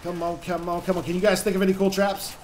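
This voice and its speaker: A young man casually commenting on his own gameplay as a channel host, chatty and excitable, swearing when things get tense. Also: high-pitched, fast talker, slight background noise.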